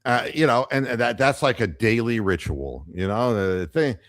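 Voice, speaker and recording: A man hosting a casual postgame radio show, telling off-color jokes in a rambling, halting way full of fillers. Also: mid-range voice, a bit bright, no echo, studio quality.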